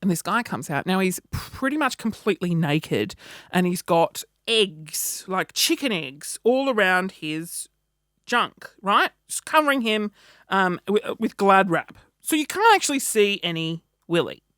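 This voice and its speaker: A woman, telling a story in a casual vlog with animated, wry delivery. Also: medium pitch, measured pace, no echo, studio quality. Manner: animated, wry, acts out quoted reactions. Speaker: vlogger.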